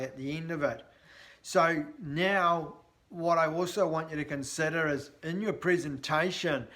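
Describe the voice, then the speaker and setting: A man's voice: a little high, a bit bright. A man hosting a sales training talk, speaking in a blunt, chatty way with frequent fillers. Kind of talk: casual instructional talk to camera.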